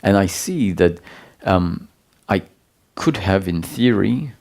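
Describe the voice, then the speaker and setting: A man giving a satsang talk as a spiritual teacher, explaining calmly with pauses and restarts. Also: sits low, creaky.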